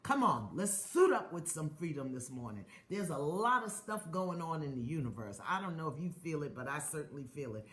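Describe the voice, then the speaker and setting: Middle-aged woman from the United States, low and animated, chanting affirmations live and calling out to viewers. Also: fairly quick, few pauses, roomy sound. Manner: chanting affirmations, call-and-response exhortations; greets viewers by place, reads comments aloud. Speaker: spiritual teacher hosting a live stream. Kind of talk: live-streamed affirmation session.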